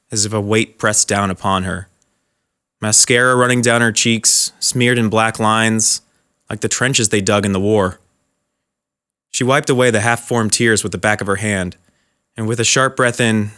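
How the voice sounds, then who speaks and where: A man narrating a dramatic short story in a measured, scripted way. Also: fairly low pitch, a bit bright.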